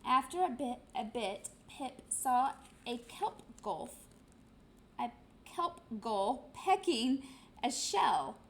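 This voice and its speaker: A woman's voice: high-pitched, lively intonation, slow, poor audio. A woman teacher reading a storybook aloud expressively, acting out sound effects.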